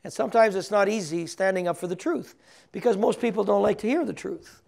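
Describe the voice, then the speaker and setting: Older man, priest, high-pitched, gravelly, teaching scripture, frequent chuckles. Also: fairly quick, darkish tone. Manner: chuckles often, reads scripture aloud, asks the audience questions. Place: recorded for television broadcast.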